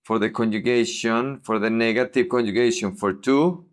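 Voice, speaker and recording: A man teaching a language lesson, modeling each example word slowly and repeating it for practice. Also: mid-range voice. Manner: slow, deliberate modeling of words. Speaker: Spanish teacher.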